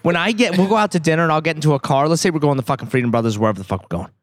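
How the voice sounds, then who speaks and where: Loud, high-voiced profane man. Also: rapid-fire, a loud crowd. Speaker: podcast co-host. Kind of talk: casual chat.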